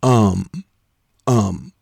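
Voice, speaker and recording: A middle-aged church organist talking earnestly and emotionally to the camera, in a heartfelt, preachy way. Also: male voice, fairly low pitch, very slow, creaky, darkish tone, no room sound, studio quality. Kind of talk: heartfelt casual talk to camera.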